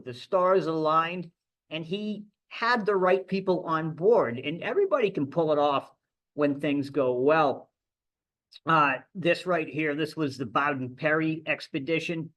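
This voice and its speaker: A man's voice: fairly high pitch, a bit bright. A middle-aged man, a ship captain, giving a conversational, anecdotal talk at a library event. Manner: conversational storytelling with restarts. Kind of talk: anecdotal lecture.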